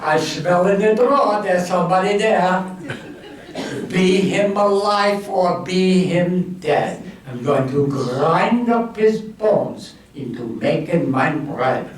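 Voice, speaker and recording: A man voicing a big, hungry male giant in a comic bedtime story, with a gruff, low voice. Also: animated, slow. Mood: menacing. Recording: echoey room, mic far off.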